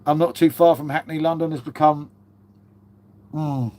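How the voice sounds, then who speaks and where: A man in his fifties talks on a casual live stream, his voice sitting a touch high for a man. He rambles from one story to the next, swears freely and tacks "mate" onto nearly every sentence. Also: steady tone, normal speed, mellow. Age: 50s.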